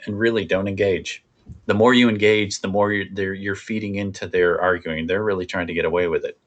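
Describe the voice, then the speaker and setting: Guy w a lowish voice running a parenting class, chatty and animated. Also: fairly quick. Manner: conversational, animated, coaching tone. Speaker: parenting workshop presenter. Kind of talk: presenting a parenting workshop.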